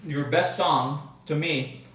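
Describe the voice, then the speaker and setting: Young male host, somewhat high voice, animated storyteller, distant mic in a very echoey room. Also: slow pace, slight background noise. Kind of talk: casual chat. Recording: roomy distant mic with faint background.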